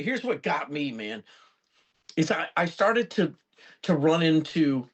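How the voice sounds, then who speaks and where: Gravelly, animated man telling stories. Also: a little high. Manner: animated, rambling storyteller who swears freely. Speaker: guest musician and record producer. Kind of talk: casual podcast conversation.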